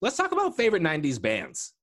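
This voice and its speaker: A man co-hosting a podcast in casual chat, telling lively stories and acting out the quotes. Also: a little high, fast. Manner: animated storyteller, acts out quotes. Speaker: podcast co-host.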